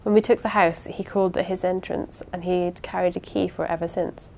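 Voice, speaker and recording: A woman's voice: on the low side, creaky. A woman reading the part of a young woman who speaks evenly but halts and restarts under strain. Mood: hushed. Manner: even, halting with small restarts.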